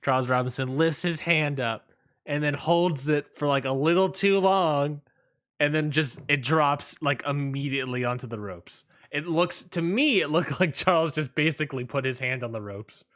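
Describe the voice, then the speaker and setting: A man's voice: a little high, a bit bright. A man co-hosting a casual wrestling podcast, rambling through a match recap with many fillers and restarts. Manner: rambling, lots of fillers and restarts, quick laughs. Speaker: podcast co-host.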